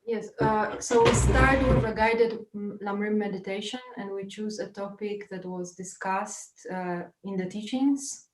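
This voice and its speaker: A woman's voice: mid-range voice, measured pace, few pauses. A woman who helps lead a discussion group, answering questions hesitantly. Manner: hesitant, many uh fillers. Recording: roomy echo.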